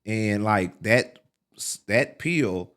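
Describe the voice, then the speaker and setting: A middle-aged man, a podcast guest, telling his life story in a casual, animated way, full of fillers like "man" and "like". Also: very slow. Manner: relives quotes with sharp pitch leaps.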